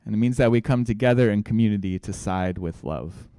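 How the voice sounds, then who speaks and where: Male guest preacher, storytelling sermon, smooth dry voice. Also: on the low side, a little fast, warm tone, no room sound. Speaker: guest speaker.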